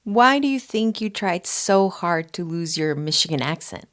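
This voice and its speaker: A woman's voice: fairly low pitch, expressive, moderate pace, a bit bright. A woman hosting a podcast, asking friendly questions and encouraging her listeners. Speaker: podcast host. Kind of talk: hosted interview and narration.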